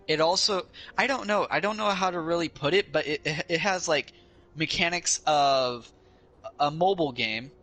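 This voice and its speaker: Bright-voiced hesitant young man. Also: fairly high pitch. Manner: hesitant, searching for words, many restarts. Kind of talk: casual chat.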